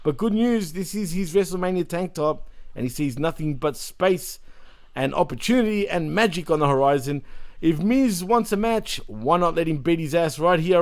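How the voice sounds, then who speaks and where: A man with a slightly higher voice chats casually on a wrestling podcast, recapping what happened and laughing often. His sentences run on loosely from one moment to the next. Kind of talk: casual chat.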